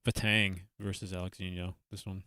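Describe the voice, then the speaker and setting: Deep-voiced casual young man, dry sound. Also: flat delivery, normal speed, bright, forceful tone, clear, resonant tone, no echo. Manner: rambling, filler-heavy, casual swearing. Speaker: livestream reaction host. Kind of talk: casual chat.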